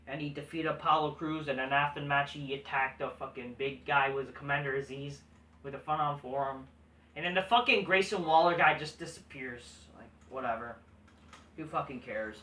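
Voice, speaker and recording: A man's voice: fairly high pitch, moderate pace, bright, forceful tone, far from the mic. A man hosting a casual recap show, talking in a blunt, profane, dismissive way. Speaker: host. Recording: echoey room, voice set back from mic.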